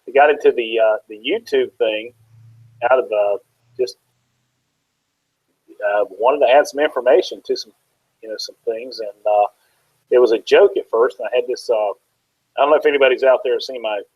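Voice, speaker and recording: A man's voice: medium pitch, normal speed, long pauses, breathy edge, no room sound, highs cut off. A man guest in a casual interview, telling easygoing, joking stories.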